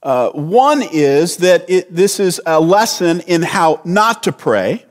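Man, pastor, slow earnest sermon, fairly high voice, long church reverb. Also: very animated. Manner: slow, earnest preaching with frequent restarts.

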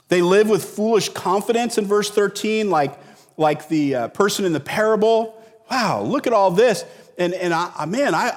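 Middle-aged male pastor, chatty sermon, fairly high voice, long hall reverb. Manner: conversational, repeats words, asks rhetorical questions.

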